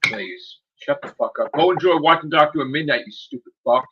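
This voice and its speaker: A man's voice: fairly high pitch, fairly quick, husky. A man ranting heatedly and profanely in a casual podcast chat. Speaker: podcast co-host. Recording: dull lo-fi audio with noise.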